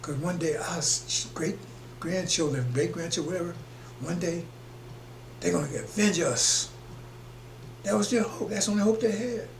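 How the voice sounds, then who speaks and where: A man's voice: high-pitched, normal speed, long pauses. A man preaching on a broadcast in an emphatic, rambling way, chuckling between his points. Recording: echoey room with faint hum.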